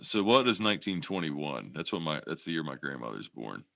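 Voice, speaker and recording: A man's voice: very deep voice, very animated, a little fast, vocal fry, fairly bright tone, no room sound. A man co-hosting a podcast in casual chat, rambling and swearing a lot, often restarting his sentences. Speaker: podcast co-host.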